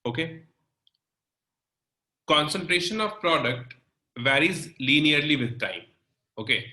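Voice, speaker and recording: Bright-voiced male chemistry teacher, echoey room. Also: a little high, expressive. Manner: slow, step-by-step explaining with frequent "okay" and "right". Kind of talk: recorded lecture explaining on a board.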